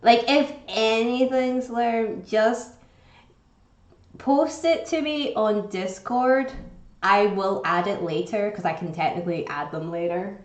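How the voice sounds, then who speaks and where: A woman's voice: medium pitch, slow. A young woman chatting casually with her stream viewers, swearing freely and easily amused. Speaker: livestreamer. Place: home kitchen indoors. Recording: echoey room with loud background noise.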